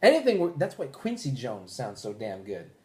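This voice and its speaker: A man's voice: mid-range voice, normal speed. Guy ranting on a podcast, swears a lot, voice jumps all over. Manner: animated, profane ranting with mock quoted voices. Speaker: podcast host. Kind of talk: casual chat.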